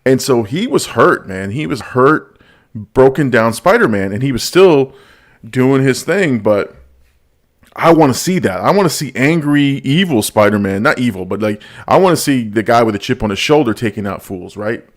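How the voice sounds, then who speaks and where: A man hosting a relaxed podcast, talking in a mid-range voice. He tells stories animatedly, acting out lines and laughing along. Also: medium pitch, normal speed. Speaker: podcast host. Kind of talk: casual movie review chat.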